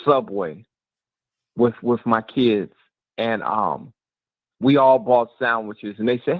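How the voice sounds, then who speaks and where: A man's voice: medium pitch, slow, pauses often, no room sound, narrow, tinny audio. A middle-aged man telling a personal story on a talk radio show, acting out the voices of the people in it. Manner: animated, acts out voices in his story.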